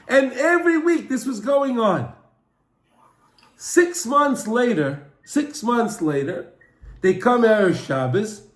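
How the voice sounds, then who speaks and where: A man teaching a Torah class as an animated storyteller who often repeats and restarts his phrases. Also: extremely high pitch. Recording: echoey room.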